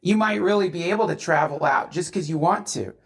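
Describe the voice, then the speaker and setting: A man's voice: a little high, a little fast, gravelly. A man in casual chat, rambling and profane as he muses aloud.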